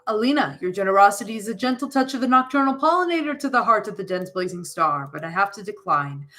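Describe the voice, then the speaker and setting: A woman voicing a gentle, lonely moth creature boy in a game, with stilted, flowery formal speech. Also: mid-range voice, expressive, fast, close to an everyday voice.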